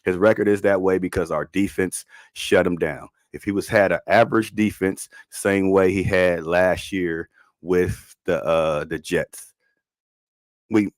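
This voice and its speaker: A man hosting a podcast in casual sports talk, animated, slangy and repeating himself. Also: low-pitched, dry recording, studio quality. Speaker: podcast host.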